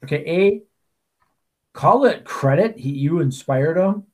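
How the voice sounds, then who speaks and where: A man co-hosting a casual podcast, his voice sitting a little high for a man. He tells long stories and wanders into side remarks, restarting his sentences as he goes. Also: animated, takes it slowly, a little mellow. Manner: chatty storyteller, many restarts and asides. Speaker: podcast co-host. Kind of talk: casual chat.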